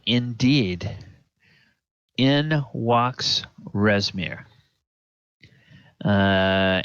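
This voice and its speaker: A man narrating a tabletop game as dungeon master, hesitant with many pauses. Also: on the low side, fairly bright tone, clear, resonant tone, no room sound, lo-fi sound. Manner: hesitant, full of fillers and restarts.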